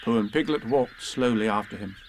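A man reading a children's storybook aloud, gently and expressively. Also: on the low side, brisk, slight background noise.

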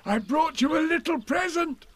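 A man's voice: mid-range voice, animated, measured pace, a little mellow. A man voicing a kind, simple little male bear in a storybook reading, eager and earnest in a raised voice.

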